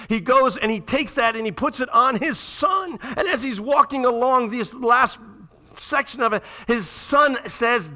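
High, bright-voiced preacher, impassioned. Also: male voice. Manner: impassioned, dramatic, swings from loud to hushed; reads scripture aloud, addresses the congregation directly. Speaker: pastor. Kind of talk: sermon.

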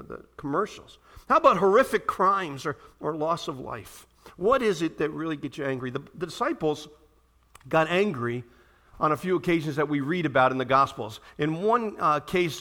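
A man preaching a sermon to a congregation in a church room, animated and posing questions to his listeners. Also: fairly high pitch. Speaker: pastor.

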